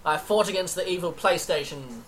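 A woman's voice: lowish voice, fairly quick, slight background noise. A woman in casual chat about video games, brash and teasing, swearing freely.

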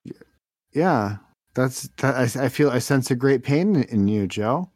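A man's voice: medium pitch, animated, a little slow, darkish tone, no room sound. Prank caller guy, fake-caring and pushy, keeps repeating himself, dry sound. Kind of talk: prank phone call.

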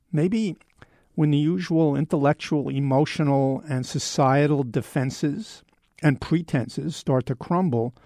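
Old guy in his 70s rambling along, gravelly voice, dry close sound, pokes fun at himself. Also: a little high, darkish tone, dry recording. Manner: rambling, self-deprecating, wry. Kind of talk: casual monologue.

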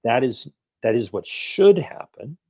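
A man in his sixties talks as an activist guest, driving his points home emphatically and throwing in rhetorical questions. His voice is mellow and warm. The audio is dry and slightly dull, like a lo-fi remote connection. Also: mid-range voice, very animated, unhurried, breathy edge, no echo. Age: 60s. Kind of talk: interview conversation.

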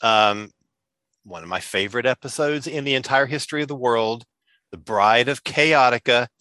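A man with a bright, clear tone co-hosts a casual podcast chat. He retells scenes with animated enthusiasm. The sound is close and dry. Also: mid-range voice, normal speed, no echo. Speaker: podcast co-host.

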